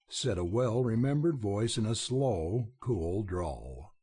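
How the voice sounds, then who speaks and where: A man narrates a western novel in a slow, unhurried reading. His voice has a husky grain, and his pitch rises and falls with lively expression. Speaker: audiobook narrator. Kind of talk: scripted narration.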